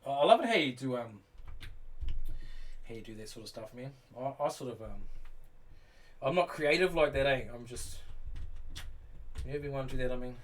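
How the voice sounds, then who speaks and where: A man's voice: medium pitch, expressive, normal speed, long pauses. A man streaming live, chatting casually with his viewers while he builds, swearing freely and calling people bro and mate. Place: indoors at home during rain. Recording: distant mic with faint background noise.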